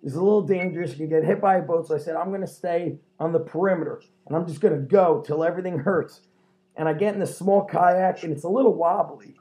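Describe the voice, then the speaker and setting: Animated storytelling male podcast host, mellow voice. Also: fairly high pitch, quick pace. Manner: animated storyteller, swears, laughs often. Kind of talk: casual chat.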